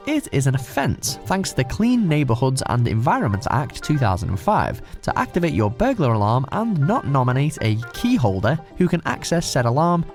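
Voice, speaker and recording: A man's voice: medium pitch, a little mellow. A man narrating a scripted countdown video in a wry, sardonic tone.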